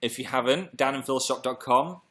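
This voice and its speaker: A young British man chats through a casual live stream with a bright, forward tone. He is playful and talkative and keeps reading out viewer messages between his own rambling stories. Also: medium pitch, moderate pace. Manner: chatty, playful, reads out viewer comments. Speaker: livestream host.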